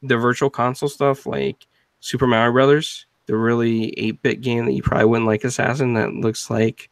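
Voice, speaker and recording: Gravelly-voiced man hosting a casual podcast. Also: mid-range voice, flat delivery, dry recording, low-quality recording. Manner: halting, many restarts and fillers. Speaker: podcast host. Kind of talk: casual chat.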